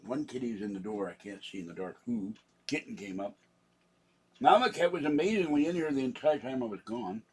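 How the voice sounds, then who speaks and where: A man's voice: mid-range voice, fairly quick, creaky, darkish tone, slightly rough. A man vlogging in a rambling, casual chat, grumbling and chuckling to himself.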